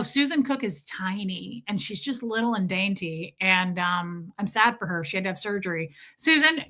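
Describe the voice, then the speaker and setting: Speaking in a bright, forceful, medium-pitched voice, this livestream host is a young woman from the Midwest with a Midwestern American accent. Her talk is casual and rambling, and she responds to comments from viewers.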